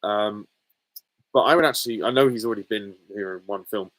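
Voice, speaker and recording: A man's voice: on the low side, fairly quick, a bit bright, dry recording, rough recording. Hesitant man musing through viewer questions. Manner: musing, hesitant, many fillers. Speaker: channel host. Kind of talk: casual Q&A with viewers.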